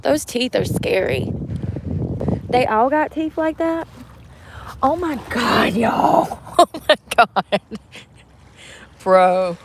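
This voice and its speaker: Her voice fairly high and expressive, a woman takes her time and pauses often while talking into her phone outdoors by the water on a cold day. It's a casual vlog chat full of free swearing and frequent laughter, with a little hiss or hum in the recording.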